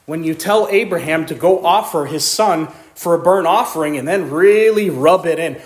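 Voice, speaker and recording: A man preaching a sermon, reading scripture slowly and pushing his voice up high for emphasis before dropping it low and quiet. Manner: reads scripture slowly in old-style wording.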